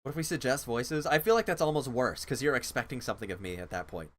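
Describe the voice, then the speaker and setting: A man's voice: mid-range voice, animated, fast, fairly bright tone. A man hosting a livestream, chatting casually in a rambling, self-deprecating, flustered way. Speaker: livestream host. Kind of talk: casual chat.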